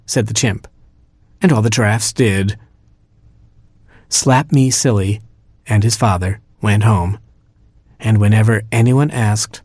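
A man narrating a children's storybook in a measured, gently humorous way. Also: fairly low pitch, steady tone, breathy edge, no echo, studio quality. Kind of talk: storybook reading.

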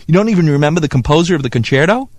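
A man hosting a comedy radio sketch, who answers as a skeptical, deadpan straight man. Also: on the high side, rapid-fire, dry recording. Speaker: comedy show host.

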